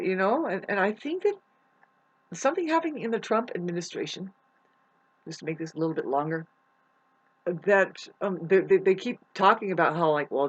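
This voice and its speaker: A woman with a somewhat low voice delivers a rambling spiritual monologue, swearing freely and restarting her sentences. She jumps between loud, heated outbursts and quiet, muttered asides. The recording sounds dull and lo-fi. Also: husky. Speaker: astrology vlogger.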